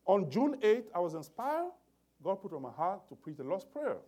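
Animated male preacher, lively pitch. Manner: animated, emphatic preaching with restarts. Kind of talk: sermon.

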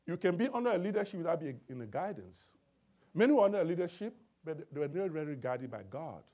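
Lively, emphatic male preacher. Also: on the high side, quick pace. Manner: emphatic, keeps checking in with the congregation. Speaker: preacher teaching the Bible. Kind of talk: sermon-style Bible teaching. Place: church before a congregation.

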